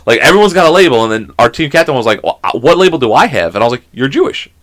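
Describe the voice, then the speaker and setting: A man's voice: medium pitch, very animated, very fast, fairly bright tone. A man co-hosting a podcast, telling stories in a casual, swearing, joking way. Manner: swearing, storytelling, laughing. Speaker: podcast co-host. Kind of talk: casual chat.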